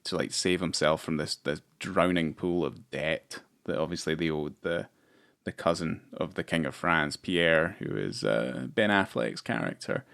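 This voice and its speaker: A man's voice: rumbling low, expressive, measured pace, creaky, a bit bright. A man co-hosting a film podcast in casual chat, rambling with lots of fillers and swearing. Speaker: podcast co-host.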